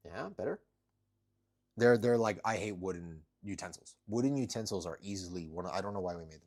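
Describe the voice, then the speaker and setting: A man's voice: low-pitched, brisk. A man live-streaming from his home, chatting casually with viewers while working out and scolding his cats. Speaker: livestreamer. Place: home, kitchen corner.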